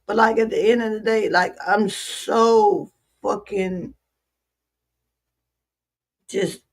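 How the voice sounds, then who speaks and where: A woman's voice: mid-range voice, fairly even intonation, takes it slowly. A weary woman streamer venting to her viewers in a frustrated, repetitive, profane rant. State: weary, worn out. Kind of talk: emotional livestream rant.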